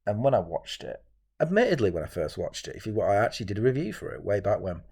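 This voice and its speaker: A man's voice: fairly low pitch, sing-song, fast talker, warm tone, breathy edge. A man hosting his own channel, ranting solo to camera in an exasperated, repetitive way. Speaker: channel host reviewing films.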